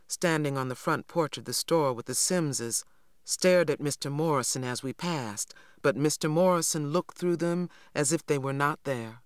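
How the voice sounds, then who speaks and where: A man narrating a novel as an audiobook reader, in steady, expressive storytelling. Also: a little high, clear, resonant tone, no echo, clean studio sound. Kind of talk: scripted narration.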